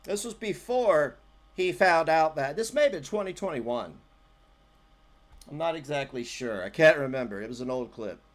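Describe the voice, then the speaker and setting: A man's voice: fairly high pitch, expressive, moderate pace. Sarcastic rambling male streamer. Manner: rambling and sarcastic, swinging loud and soft. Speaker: streamer commentating on an old clip. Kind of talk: casual profane livestream commentary.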